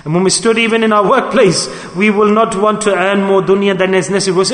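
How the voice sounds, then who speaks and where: Animated preacher in an echoey hall. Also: male voice, high-pitched, fast, few pauses. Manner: animated, acts out quoted voices. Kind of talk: sermon.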